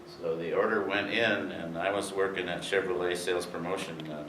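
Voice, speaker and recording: A man's voice: low-pitched, steady tone, moderate pace. An older man telling rambling racing anecdotes to an audience, with many fillers. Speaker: speaker telling racing history. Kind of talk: storytelling talk to an audience. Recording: roomy, distant, faint hiss.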